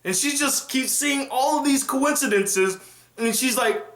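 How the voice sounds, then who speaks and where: Male TV reviewer, high and bright voice, excitable retelling, echoey room. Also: unhurried. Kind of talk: casual reaction review.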